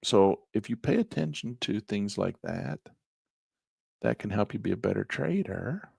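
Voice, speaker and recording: A man teaching trading as he walks through a chart, in a folksy, animated way with slangy asides. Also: on the low side, unhurried, creaky, breathy edge, dry recording, studio quality. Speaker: trading instructor. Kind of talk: chart-walkthrough lesson.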